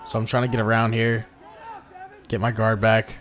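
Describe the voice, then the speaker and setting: A man's voice: fairly low pitch, completely flat delivery, normal speed, a faint crowd. A young man giving casual, slangy voice-over commentary on his own footage as a vlogger. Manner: laid-back slangy, dude-and-bro talk.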